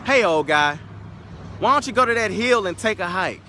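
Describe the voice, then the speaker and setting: A man's voice: high voice, sing-song, brisk, sharp tone, a little hiss or hum, voice pushed up, exaggerated voice. A man voicing a rude taxi driver who teases an old man in a spoken story. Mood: taunting. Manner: mocking, teasing.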